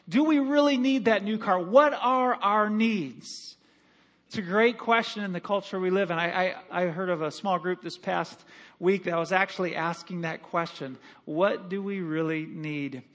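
A male pastor preaching a sermon, emphatic, repeating phrases and calling on the congregation to respond. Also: high-pitched.

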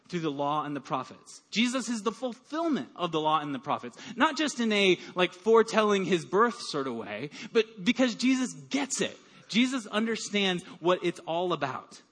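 A man preaching a sermon as pastor, lively and talking with his hands, acting out quotes. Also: high-pitched. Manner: animated, acts out quoted voices.

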